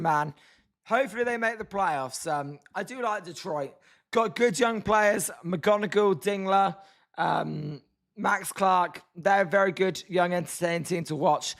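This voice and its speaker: A hoarse British man hosting a casual baseball watch-along stream, reading chat and grumbling about his team. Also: sits high, fairly bright tone. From Britain. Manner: chatty, reads chat names, groans at the team. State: hoarse, voice tiring. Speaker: livestream host.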